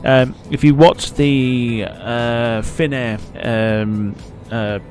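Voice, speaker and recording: A man's voice: mid-range voice, steady tone, very slow, darkish tone, faint music behind. A man hosting a live flight-sim stream, chatting casually, swearing freely and reading comments aloud.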